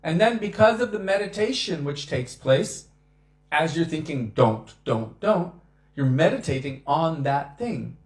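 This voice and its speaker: Animated male devotional speaker, echoey room. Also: fairly high pitch, moderate pace. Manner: animated storyteller who acts out quotes. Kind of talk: devotional talk on scripture.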